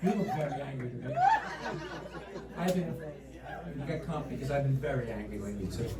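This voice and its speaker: A male stand-up comedian telling a story on a club stage, with animated, mock-outraged ranting. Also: medium pitch, a little fast. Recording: roomy club sound from a distant mic, crowd laughing.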